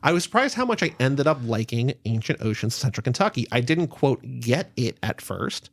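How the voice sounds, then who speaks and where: A man's voice: mid-range voice, big pitch swings, brisk, no echo. Dry-voiced man teasing on a podcast. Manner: dry teasing, reads prepared notes aloud. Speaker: podcast co-host. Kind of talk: casual book-club chat.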